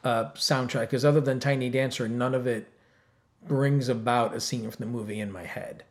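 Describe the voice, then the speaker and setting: Man, mid-pitched voice, hesitant, lots of ums, casual podcast talk. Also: fairly even intonation, normal speed. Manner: hesitant, many ums, hedging. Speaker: podcast co-host. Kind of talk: casual chat about music.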